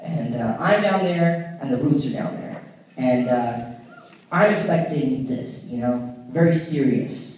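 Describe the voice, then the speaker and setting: A male stand-up comedian on stage in a large theater, telling a story in an animated way with stammered restarts. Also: medium pitch, a little slow. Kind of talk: stand-up routine. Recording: echoey theater from far off, crowd noise.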